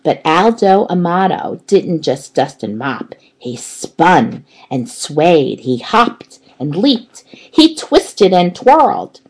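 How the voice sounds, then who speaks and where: A woman reading a children's story aloud with an expressive, dramatic delivery. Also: on the low side, takes it slowly, few pauses, rough recording. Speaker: storybook reader. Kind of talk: expressive read-aloud narration.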